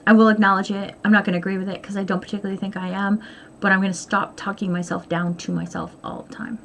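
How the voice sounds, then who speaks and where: A middle-aged woman talks straight to her viewers, candid and rambling, often turning the joke on herself. Her voice sits at an ordinary middle pitch, with a faint hiss of noise under it. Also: little pitch movement, fast. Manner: candid, rambling, self-deprecating. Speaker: vlogger. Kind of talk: casual chat. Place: home sewing room.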